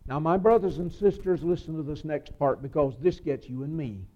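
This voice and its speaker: A man's voice: a little high, moderate pace. Dramatic preacher man, muffled recording. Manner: dramatic storytelling, voice rising and dropping to a hush. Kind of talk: sermon.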